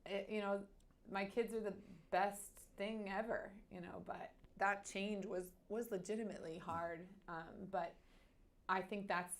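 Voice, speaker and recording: A woman, candidly telling a personal story in a halting, animated way full of restarts. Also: mid-range voice. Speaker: guest.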